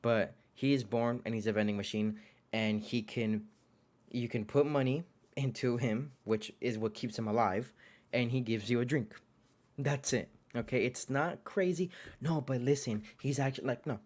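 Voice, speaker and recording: A man's voice: medium pitch, moderate pace. Chatty young man reviewing anime. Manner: chatty, many filler likes and restarts; excitable, jokey asides. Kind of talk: casual video review.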